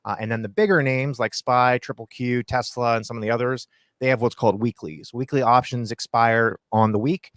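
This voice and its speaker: A man's voice: mid-range voice, fairly even intonation, fairly quick, fairly bright tone, no room sound, studio quality. A man from Ohio, a full-time options trader, talking casually as a guest over a video call, rambling with fillers and restarts. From Ohio, USA. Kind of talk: casual conversational explanation.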